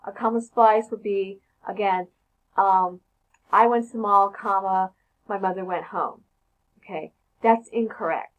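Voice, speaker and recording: A woman's voice: medium pitch, fairly even intonation, a little slow, phone-quality sound. A woman teaching a casual grammar lesson, talking conversationally and often checking in with "okay?".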